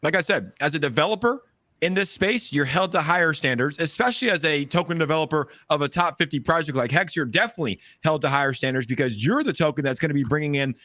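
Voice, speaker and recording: A man's voice: a little high, animated, fast, bright, forceful tone, dry recording, studio quality. A man hosting a casual livestream chat, talkative and opinionated, often ending his points with "right?". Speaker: host.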